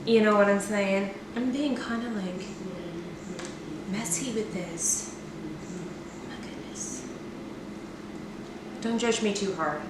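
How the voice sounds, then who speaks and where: Speaking slowly with frequent pauses in a mid-range voice, a cooking vlogger makes fun of herself while decorating a cake at home. The chat is casual and playful. The audio is very noisy, with an echoey kitchen and a distant mic.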